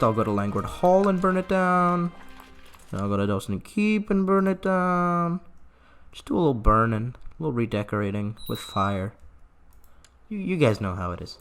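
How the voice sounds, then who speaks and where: Male gaming host, mid-pitched, sarcastic let's-play delivery with hammy mock grief. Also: very animated, measured pace, pauses often, fairly bright tone, soft background music.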